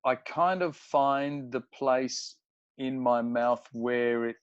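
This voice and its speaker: A man from Australia, an actor, talking about his craft in a relaxed interview, pausing often with fillers. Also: mid-range voice, clean tone, no room sound, muffled recording. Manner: thoughtful, halting with many fillers. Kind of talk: casual interview conversation.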